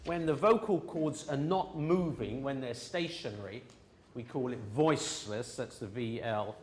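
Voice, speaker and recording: A man's voice: mid-range voice, unhurried, reverberant, slight background noise. A man teaching a pronunciation class, patiently explaining sounds step by step and drilling his students. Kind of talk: classroom lesson.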